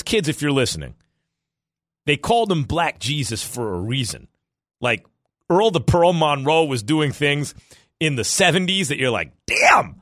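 Animated male sports radio host. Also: a little high, dry recording, studio quality. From New York. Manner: animated, rambling, quick asides and laughs.

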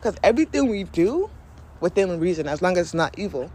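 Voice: medium pitch, big pitch swings, fairly quick, warm tone, slight background noise. A podcast host talking candidly and emotionally in a casual spiritual monologue, often laughing and acting out inner voices.

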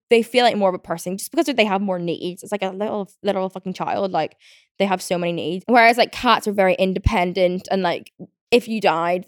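Recorded in a clean, dry studio, a young British woman with a mid-range voice hosts a casual podcast chat. Riled up, she rants with frequent laughter, lots of swearing and many fillers.

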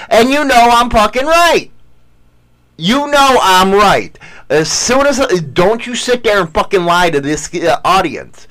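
A man with a high, animated voice that swings all over the place, talking in loose casual banter. He is crude and swears constantly, boasting and half-preaching his opinions as he jokes around with his co-host. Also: a little slow. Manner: profane, boastful, mock-preaching. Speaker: podcast co-host.

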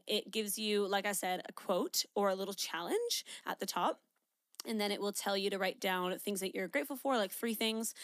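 A woman's voice: medium pitch, a bit bright, dry recording, clean studio sound. A young woman from Canada, hosting a podcast in a chatty, candid way, swearing freely and going off on tangents. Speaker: podcast host. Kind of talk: casual solo podcast talk.

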